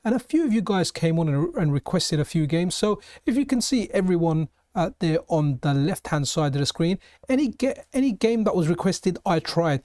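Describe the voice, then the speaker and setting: A man's voice: high-pitched, big pitch swings, normal speed, hardly any pauses, a little mellow, dry recording, clean studio sound. Chatty London man hosting a gaming channel. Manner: chatty, restarts and repeats words. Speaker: retro gaming channel host. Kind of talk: casual gameplay commentary.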